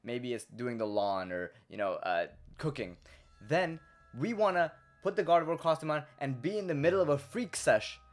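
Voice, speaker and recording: A man's voice: medium pitch, animated, normal speed, faint music behind. A young man, a YouTuber, delivering a crude, rambling comedic monologue full of stumbling repetitions.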